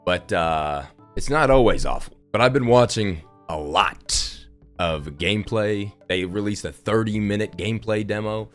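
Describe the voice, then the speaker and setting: A man's voice: fairly low pitch, a little slow, a bit bright, soft background music. A young man giving casual, sarcastic spoken commentary, who swears freely while riffing on his opinions. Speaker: gaming video creator.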